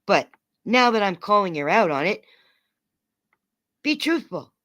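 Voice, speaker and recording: A woman's voice: medium pitch, big pitch swings, measured pace, fairly bright tone. A woman livestreaming, ranting angrily at her chat and swearing in a confrontational way.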